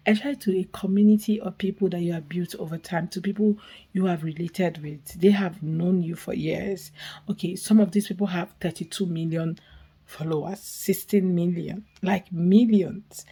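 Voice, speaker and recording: A woman hosts her own commentary channel and talks straight to her viewers. Her voice sits low and a little husky, with a warm, mellow tone. She talks chattily and with emphasis, often putting questions to the audience.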